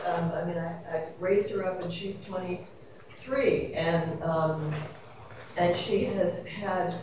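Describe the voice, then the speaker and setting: This New York City woman has a fairly low voice, with background noise around her. As a panelist in an echoey convention panel room, she tells a rambling, wry anecdote punctuated by laughs. The recording is echoey and distant, with audience murmur.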